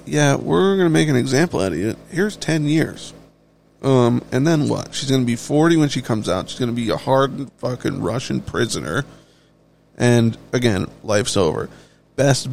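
A man's voice: mid-range voice, vocal fry, a little mellow, a little hiss or hum. A man giving a casual, blunt ranting monologue, swearing freely and talking offhand as a solo show host. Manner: blunt, heavily profane, offhand.

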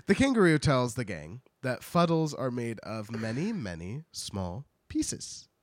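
A man's voice: medium pitch, huge pitch swings, a little slow, no room sound, clean studio sound. Podcast guy recapping a book, bouncy voice, acts out the characters. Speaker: podcast co-host. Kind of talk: casual chat, retelling a book.

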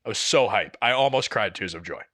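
A man's voice: fairly low pitch, lively intonation, a little fast, fairly bright tone, dry recording, studio quality. A young man co-hosting a podcast, telling a long story in casual chat, full of quoted asides and the odd swear word. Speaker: podcast co-host.

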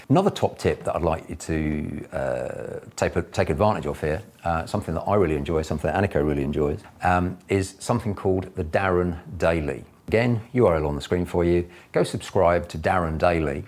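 A man's voice: deep voice, a little mellow, a little hiss or hum. A man, a business mentor, giving chatty, enthusiastic advice to camera. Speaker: property investor and business mentor.

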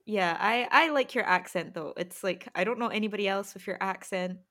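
A woman hosts a casual chat with a guest. She asks relaxed, friendly questions and laughs lightly now and then. Her voice sits at a middle pitch. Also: fairly quick. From Scotland. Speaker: host.

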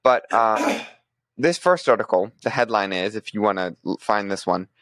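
Guy with a lowish voice on a podcast, dry close sound, lots of restarts and ums. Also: normal speed, fairly bright tone, dry recording. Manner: thinks aloud, frequent restarts and fillers. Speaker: podcast co-host presenting news. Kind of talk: casual podcast discussion.

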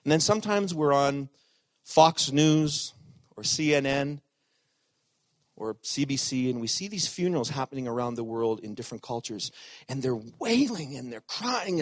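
A middle-aged man preaching a sermon as pastor, animated, swinging from loud emphatic lines to hushed asides. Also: a little high, dry recording.

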